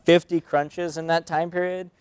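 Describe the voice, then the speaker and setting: A man's voice: on the high side, little pitch movement, moderate pace, smooth, no room sound, studio quality. A young man chatting casually about making a short film, rambling and laughing at himself. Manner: rambling, laughing, self-mocking. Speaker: actor in a student short. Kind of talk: casual behind-the-scenes chat.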